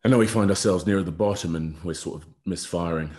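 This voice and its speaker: A man's voice: sits low, quick pace, darkish tone. A young man, a rugby player, chatting casually as a podcast guest and rambling with lots of filler words. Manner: rambling, full of fillers like "sort of".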